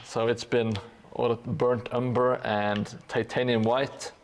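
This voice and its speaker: A man's voice: mid-range voice, little pitch movement, slow pace, a little hiss or hum. A man streaming live as he paints a tabletop gaming board, chatting casually in a hesitant way full of fillers and dry jokes.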